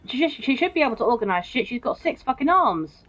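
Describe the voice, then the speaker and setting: A woman's voice: high voice, very animated, fast talker, fairly bright tone. A young woman casually chatting while streaming a game and reading out viewer comments, blunt and swearing freely. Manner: chatty and blunt, swears often, keeps saying bro. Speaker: gaming streamer. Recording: muffled, dull stream audio.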